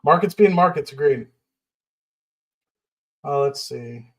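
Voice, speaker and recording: A man's voice: medium pitch, slow. A man hosting a casual investing livestream, rambling with many fillers and restarts, fired up and standing while he talks. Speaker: livestream host.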